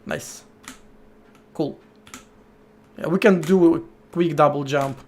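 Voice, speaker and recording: A man's voice: fairly high pitch, slow, darkish tone, a little hiss or hum. A man streaming as he programs, chatting casually to his viewers, thinking aloud in short bursts with slang and swearing. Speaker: live-coding streamer. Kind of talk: casual live-stream chat while programming.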